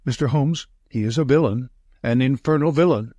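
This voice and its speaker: A man's voice: mid-range voice, normal speed, mellow, no room sound, lightly acted. A man voicing a nervous, frightened male estate manager who talks in urgent, breathless short sentences.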